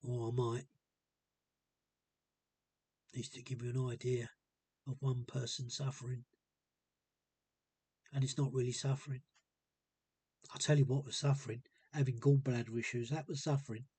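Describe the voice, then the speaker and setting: A man talking casually to camera in a hesitant, rambling and subdued way, with a gravelly, husky voice. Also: mid-range voice, flat delivery, moderate pace, long pauses, mellow, no echo. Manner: hesitant and rambling, many ums. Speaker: vlogger. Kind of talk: casual personal monologue.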